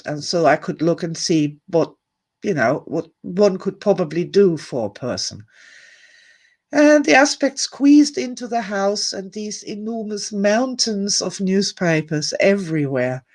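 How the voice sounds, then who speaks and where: A woman speaking to a summit audience, telling a personal story openly and with feeling. She sighs, laughs and wanders into asides as she talks. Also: mid-range voice. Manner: emotional, candid, digressive, with sighs and laughs.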